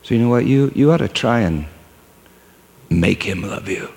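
Figure: sly male devil tempter, voiced by a preacher. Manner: hushed, coaxing, low. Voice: gravelly. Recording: long hall reverb. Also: animated, normal speed.

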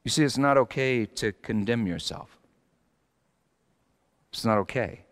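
A man preaching a sermon as pastor, confessional and swinging from quiet reflection into animated, rising intensity. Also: medium pitch, a little slow. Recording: long hall reverb.

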